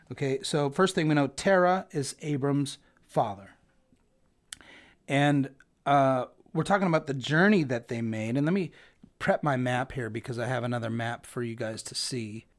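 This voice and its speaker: A Bible teacher giving a conversational scripture lesson, often checking in with the listeners. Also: mid-range voice. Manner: chatty, peppers points with "right?".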